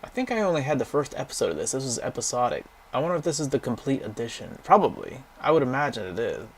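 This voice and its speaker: A man's voice: mid-range voice, very animated, quick pace. A young man casually rambling through a game library, giving blunt, profane opinions and going off on tangents. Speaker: gaming vlogger.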